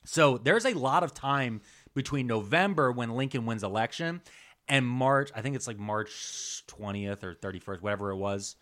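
A man hosting a casual comedy podcast, telling history in an animated, rambling, jokey way. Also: mid-range voice, moderate pace. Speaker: podcast host.

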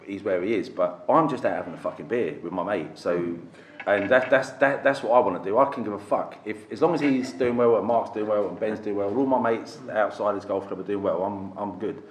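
Brief: quick, low-voiced man, blunt and sweary, echoey room. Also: a little hiss or hum. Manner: blunt, heavy swearing, ranting. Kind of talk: casual chat. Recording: echoey room with faint ambience.

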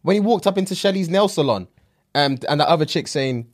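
A man, co-hosting a podcast, emphatic and quick to laugh. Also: a little high, expressive. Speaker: podcast co-host. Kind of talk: casual banter.

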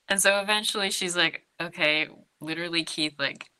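Low bright-voiced woman retelling a story. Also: smooth, rough recording. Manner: storytelling with frequent "like" and acted-out quotes. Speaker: co-host recapping a horror film. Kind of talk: casual chat.

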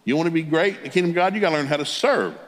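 A man's voice: on the high side, expressive, rapid-fire. A middle-aged man, a Pentecostal preacher, telling humorous family stories in a sermon and chuckling as he talks. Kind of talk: folksy storytelling sermon.

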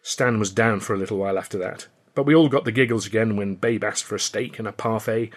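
A man's voice: on the low side, steady tone, quick pace. A man reading his own comic novel aloud in a dry, wry storytelling manner. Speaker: author and audiobook narrator. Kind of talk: scripted narration.

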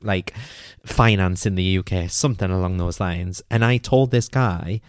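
Animated British man telling a story. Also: sits low, moderate pace, clean tone, dry recording, studio quality. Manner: animated, self-mocking, swears freely. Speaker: podcast host. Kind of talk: solo storytelling podcast.

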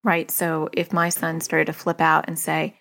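A middle-aged woman giving casual parenting advice to a listener, animated and often acting out what kids and parents say. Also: sits low, a little slow, gravelly. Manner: animated, acts out quoted voices of kids and parents. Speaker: parenting coach answering a listener.

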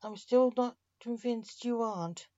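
A woman reading the lines of a grieving widowed man who is king of the grim reapers, in a slow, even storybook manner. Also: on the high side, no room sound, voice pushed up, close to an everyday voice. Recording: dull lo-fi dry recording.

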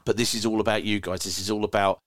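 A chatty man hosts a fan call-in and reads out listener messages with wry, rambling asides. His voice sits fairly low. The sound is dry and close, with no room around it. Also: flat delivery, fast talker, no room sound. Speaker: fan podcast host. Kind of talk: casual chat, reading listener messages. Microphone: online audio call.

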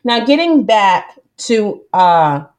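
A woman's voice: medium pitch, very animated, takes it slowly, a little mellow. A woman hosting a podcast in a casual monologue, emphatic and preachy, rambling with many fillers and restarts and often cutting in with "listen". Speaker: podcast host.

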